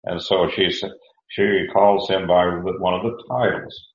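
A very low-voiced man preaches a verse-by-verse sermon, pausing and restarting as he thinks aloud. His voice echoes around a large room. The recording sounds a little dull, with faint hiss underneath. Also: steady tone. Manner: halting, many fillers and restarts. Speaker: pastor. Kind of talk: expository sermon.

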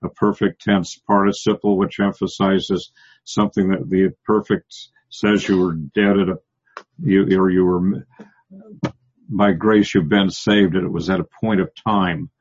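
A man teaching a Bible passage verse by verse, pausing often and restarting, explaining the Greek words. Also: deep voice, little pitch movement, breathy edge, lo-fi sound. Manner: halting, many restarts and fillers, explains Greek word by word. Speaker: preacher.

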